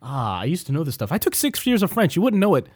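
Lively, slightly high-voiced male co-host. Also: fast, slightly rough. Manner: playful, bantering. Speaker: podcast co-host. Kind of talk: casual chat.

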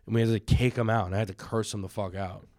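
Young man, podcast co-host, low-ish voice, teasing, crude, relaxed banter. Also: fast talker. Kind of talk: casual chat.

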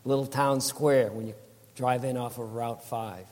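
A man's voice: mid-range voice, steady tone, a little slow, darkish tone, big-room sound. A man in his sixties giving a rambling, folksy church testimony, with many restarts and laughs.

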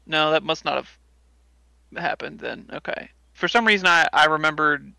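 A man playing a tabletop role-playing game, speaking slowly and second-guessing himself. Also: fairly high pitch, vocal fry, bright, forceful tone, clear, resonant tone, no echo. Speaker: player. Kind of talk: tabletop role-play chat.

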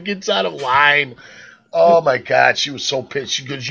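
A man's voice: medium pitch, lively intonation, normal speed, gravelly, sharp tone, dull audio. A man co-hosting a podcast, telling stories in a laid-back way, swearing and tossing in "man" and "dude". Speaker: podcast co-host. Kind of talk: casual chat, storytelling.

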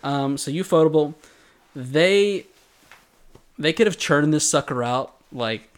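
A man co-hosting a casual podcast about an anime, talking in an animated, sarcastic way. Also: fairly high pitch, takes it slowly. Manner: animated, sarcastic, acts out quoted lines. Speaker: podcast co-host. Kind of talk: casual anime recap chat.

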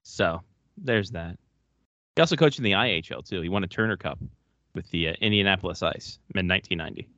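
A man hosting a casual hockey podcast, jokey and quick with stats. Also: sits low, no room sound. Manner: lively, jokey, rattles off stats. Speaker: podcast host. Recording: dull, dry sound.

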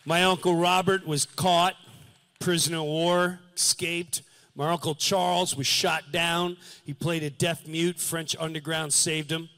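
A male comedian on a live stage, telling a story with earnest, preachy passion and acting out scenes with sudden shouts. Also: a little high, little pitch movement, measured pace. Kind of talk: stand-up comedy.

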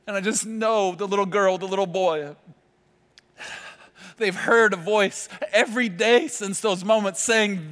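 High-voiced preacher in a big echoing hall. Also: male voice, fairly bright tone. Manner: vivid, impassioned storytelling with dramatic pauses. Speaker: pastor. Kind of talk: sermon. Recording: long hall reverb with faint music. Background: faint music.

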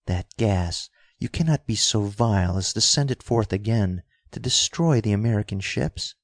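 A man's voice: fairly low pitch, expressive, normal speed, dry recording, studio quality. A man doing a desperate, defiant young woman. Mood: impassioned. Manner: impassioned, urgent.

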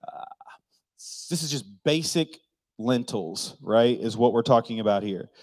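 A man's voice: medium pitch, expressive, a little slow, darkish tone, no echo. A man preaching a casual, joking sermon, asking the congregation questions and acting out the people he quotes. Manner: joking, conversational, asks the crowd questions; acts out quoted voices. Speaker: pastor.

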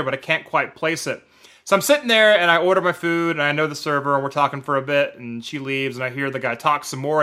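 Bright-voiced man telling a rambling story. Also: on the high side. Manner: rambling, animated, filler-heavy, laughs often. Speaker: podcast co-host. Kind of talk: casual storytelling chat.

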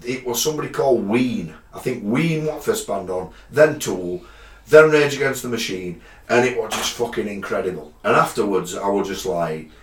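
A middle-aged man tells gig stories in a casual chat, swearing freely and acting out quoted lines. His voice sits at an ordinary pitch. He sounds set back from the mic in an echoey room. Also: moderate pace. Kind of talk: casual chat about gigs. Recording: roomy, far from mic.

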